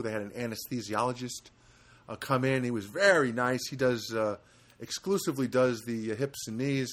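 A man's voice: medium pitch, a bit bright. A middle-aged man telling a rambling personal anecdote in a casual monologue, wry and joking, with frequent restarts. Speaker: storyteller.

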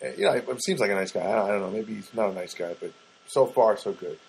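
A man's voice: fairly low pitch, fast talker, creaky, slightly rough, rough recording. A man hosting a podcast, telling a rambling casual story with many fillers and restarts, talking straight to his listeners. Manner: chatty, addresses listeners directly. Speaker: podcast host.

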